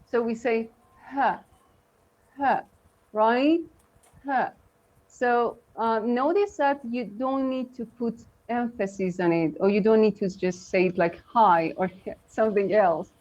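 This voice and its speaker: A woman co-hosting a live online English lesson, talking slowly with many fillers over a video call. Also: fairly high pitch, darkish tone. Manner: slow, halting, many fillers. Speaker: co-host English teacher. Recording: dull lo-fi stream audio.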